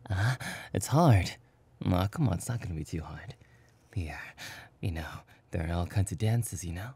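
A man's voice: deep voice, animated, a little slow, gravelly, warm tone, slightly rough, dry recording, full character voice. A man voicing a playful young boyfriend who rambles in a goofy, scatterbrained way and is out of breath, in a whispered role-play.

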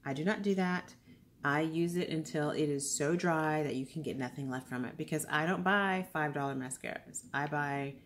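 Tired, chatty low-voiced woman. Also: moderate pace, slight background noise. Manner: chatty, rambling, with many ums and restarts. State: tired after a long time awake. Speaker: beauty vlogger. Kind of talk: casual unboxing chat.

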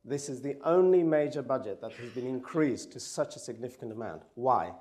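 A man with a croaky, hoarse voice from a cold, giving a conference presentation and joking with the audience. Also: medium pitch, lively intonation, fairly quick, darkish tone. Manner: jokey, talks to the audience directly. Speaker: event speaker.

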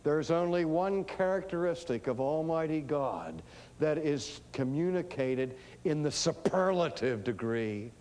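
A man delivering a teaching sermon, emphatic and dramatic, swinging between hushed lines and booming ones. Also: lively intonation, a little slow. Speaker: preacher.

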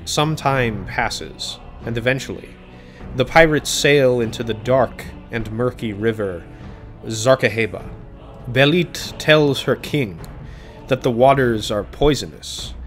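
A man reviewing a book, retelling its plot in a plain, steady scripted narration. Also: medium pitch. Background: soft background music.

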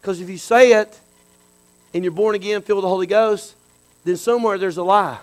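High-voiced preacher, loose and lively. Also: male voice, a little fast, poor audio. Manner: conversational preaching, swinging between low asides and shouted bursts. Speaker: pastor. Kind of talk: sermon.

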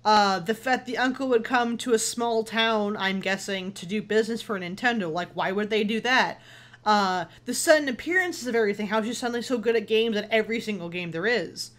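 A woman giving casual, excitable commentary while playing a game. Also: mid-range voice, moderate pace. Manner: excitable, exclaiming, chatty. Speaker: let's player.

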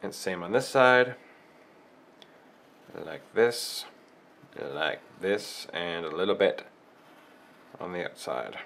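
A man with a cold walks through a drawing step by step, thinking aloud as he works. His voice sits low, and he talks very slowly and without hurry. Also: animated, creaky, a bit bright, slight background noise. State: has a cold. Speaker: drawing tutorial host.

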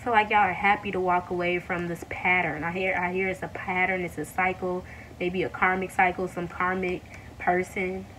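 A woman giving a casual tarot reading to her viewers, talking warmly to them as y'all and breaking into excited exclamations. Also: lowish voice, recorded from a distance, a little hiss or hum, rough recording. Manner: excited, animated bursts with drawn-out exclamations; addresses viewers as y'all, many fillers. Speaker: tarot reader.

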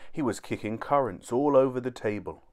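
A man reading a children's storybook aloud with an expressive, animated delivery. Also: medium pitch, brisk.

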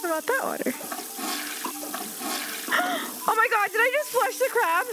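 A woman's voice: very high voice, expressive, fast talker, over music. A young woman commenting on a game, gasping, squealing and talking baby-talk to the animals. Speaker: gaming video creator. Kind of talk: excited gameplay commentary.

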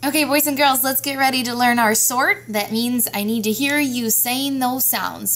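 A woman teaching a phonics lesson to young children, sounding out each letter slowly and clearly. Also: fairly high pitch, a bit bright, soft background music.

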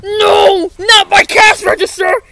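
A woman's voice: high voice, expressive, moderate pace, heavy background noise. Woman doing a blustering old crab boss. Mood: outraged. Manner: indignant, shouting. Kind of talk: fan dub of a cartoon.

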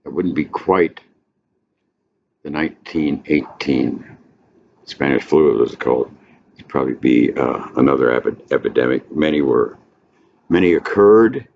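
Very deep-voiced man lecturing on a story. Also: animated, gravelly. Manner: rambling, with many pauses and filler sounds. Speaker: literature presenter. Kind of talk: informal literary lecture. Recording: dull lo-fi recording, faint hiss.

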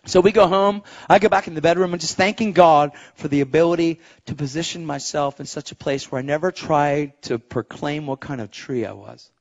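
A middle-aged man preaching a sermon as a story, animated, dropping to a hush and rising to shouts. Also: on the high side, a little fast, few pauses, muffled recording. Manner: animated, swings from hushed to shouting.

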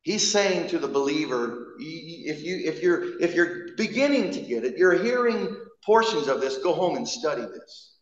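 Emphatic preacher in an echoey hall. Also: male voice, on the high side, sing-song, normal speed, hardly any pauses. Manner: emphatic, frequent repetitions and restarts. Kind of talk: sermon. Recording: echoey hall, dull sound.

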